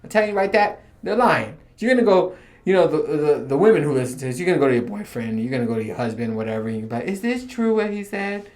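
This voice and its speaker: A man's voice: medium pitch, very fast, a little mellow. A man hosting his own podcast, rambling through casual stories with lots of swearing and frequent laughter. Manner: profane, storytelling, laughing often. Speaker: podcast host.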